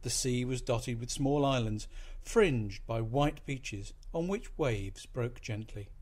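A man's voice: mid-range voice, slow, a little mellow. Man reading a story aloud. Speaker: narrator. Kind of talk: scripted storytelling narration.

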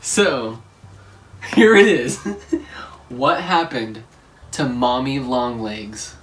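A man's voice: mid-range voice, drawn-out words, fairly bright tone, far from the mic, soft background music. A young man co-hosting a couple's vlog, chatting casually and teasing through a party game, laughing often. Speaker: co-host of a couple channel.

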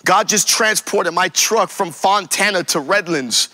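A male pastor preaches in a very bright, forward voice set fairly high for a man. He moves from conversational storytelling to forceful declarations over his listeners. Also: expressive, a little slow, dry recording. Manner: storytelling, then emphatic declarations. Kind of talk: sermon with personal testimony.

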